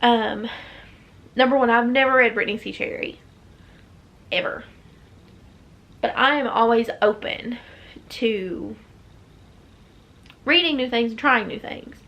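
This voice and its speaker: A woman's voice: on the high side, unhurried, creaky, long pauses, muffled recording. A young woman with a Southern US accent chatting casually as a book vlogger, rambling with many fillers and restarts. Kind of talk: casual chat.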